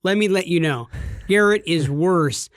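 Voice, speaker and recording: Guy cohosting a gaming podcast, kinda high voice, always teasing, dry studio sound. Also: measured pace, dry recording. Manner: teasing, joking storyteller. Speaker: podcast co-host. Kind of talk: casual chat.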